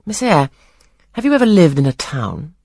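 A stern, imperious gentleman who fires off curt questions and orders as if used to being obeyed, as a reader puts him on in an audiobook. The voice is husky and breathy, set in a dry, close sound. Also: mid-range voice, very animated, moderate pace, no room sound, voice pushed up. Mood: questioning. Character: stern brusque older gentleman, commanding. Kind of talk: audiobook reading of a classic novel.

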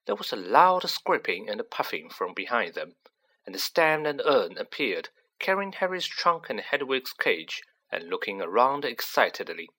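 A man narrating a storybook in an unhurried, expressive reading. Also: mid-range voice. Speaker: audiobook narrator.

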